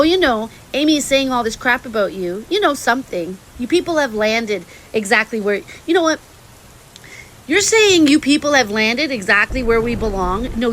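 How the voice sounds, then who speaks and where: A woman delivering a heated, profane, rapid-fire rant straight to her audience. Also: on the high side, fairly bright tone, slight background noise, rough recording. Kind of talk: angry ranting monologue.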